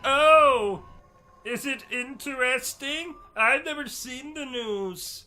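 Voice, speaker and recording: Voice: sits high, slow pace, pushed and bright, a little hiss or hum, exaggerated voice. A performer voicing a meek, dim male manservant who talks in a hesitant, naive way. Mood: timid.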